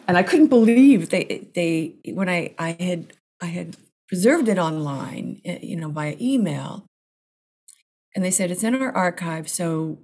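A woman screenwriter, a guest, telling a story in a casual interview, animated and restarting often. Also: fairly low pitch, breathy edge. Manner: animated, restarts often, acts out her own reactions.

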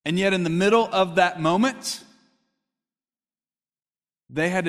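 A pastor delivers a sermon in a chatty, conversational way, often turning to ask the congregation questions. His voice sits high for a man, and a long reverb from a large hall trails behind every phrase. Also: measured pace, pauses often, fairly bright tone. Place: church hall.

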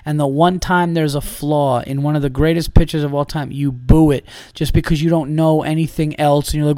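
A man's voice: on the high side, steady tone, normal speed, few pauses, mellow, dry recording, studio quality. A man hosting a comedy podcast, ranting in a heated, profane, emphatic way.

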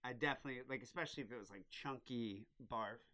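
A man's voice: mid-range voice, quick pace, bright, forceful tone, no room sound. A man hosting a podcast in casual chat, with crude jokes and an offhand way of talking. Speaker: podcast host.

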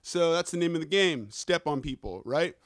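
A man hosting a podcast, wired and fast-talking, who swears through nearly every sentence and keeps tossing in "okay?" and "right?" His voice sits a bit on the high side. The recording is close and dry, with no room sound. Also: animated, no room sound. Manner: rambling, swears constantly, checks in with listeners. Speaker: podcast host. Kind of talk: casual profane news rant.

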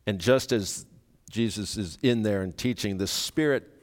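A man preaching a sermon, speaking earnestly and rising to sudden loud emphasis when he quotes. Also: fairly low pitch, unhurried. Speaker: pastor. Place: church sanctuary. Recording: reverberant church hall.

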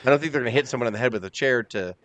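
Fast-talking, profane male podcast co-host. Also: mid-range voice. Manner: profane, animated, acts out outbursts. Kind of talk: casual chat.

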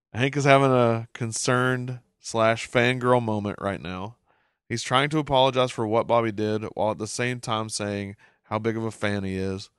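A man's voice: on the low side, clean tone, no echo, clean studio sound. A man hosting a casual episode recap, chuckling often as he reads out the captions. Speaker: show recap host.

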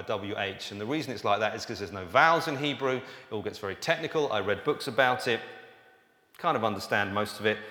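A man's voice: fairly low pitch, fairly bright tone. A man preaching a sermon in a conversational, emphatic way. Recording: echoey hall, room reverb.

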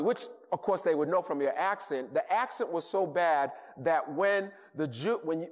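A man with a Boston accent preaching a sermon, stressing points by repeating words. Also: fairly high pitch. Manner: emphatic, repeats words for emphasis. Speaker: pastor. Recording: long hall reverb.

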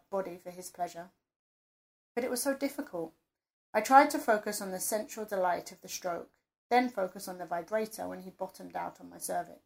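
A woman's voice: medium pitch, creaky. A woman narrating an erotic first-person story in an intimate, confessional reading voice.

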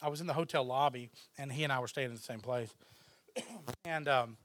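A man's voice: mid-range voice, fairly quick, slight background noise. A man, a filmmaker, telling a story in casual chat, quoting others with lots of "he goes" and "I was like.". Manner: animated, quotes others with "he goes". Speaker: guest filmmaker.

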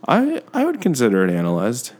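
A man co-hosting a casual podcast, tossing in dry one-liners and quick laughs. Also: mid-range voice, huge pitch swings, darkish tone. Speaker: podcast co-host. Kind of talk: casual joking podcast chat.

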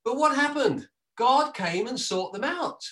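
A man pastor preaching a sermon over a video call, emphatic and slowing down on key phrases. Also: extremely high pitch, lively intonation, a bit bright, poor audio.

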